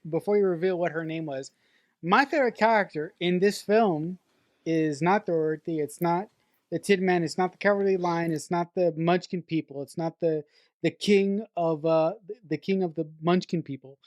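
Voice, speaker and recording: A woman's voice: fairly low pitch, darkish tone, dry recording, studio quality. A woman co-hosting a podcast in a casual movie review chat, playful and joking. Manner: playful, quick to laugh, joking. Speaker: podcast co-host.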